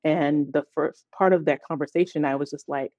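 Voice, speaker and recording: A woman's voice: low-pitched, brisk, no room sound. A woman, a guest on a podcast, telling a personal story in conversation and acting out the dialogue as she goes. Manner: animated storyteller who acts out quoted dialogue; fills gaps with "da, da, da".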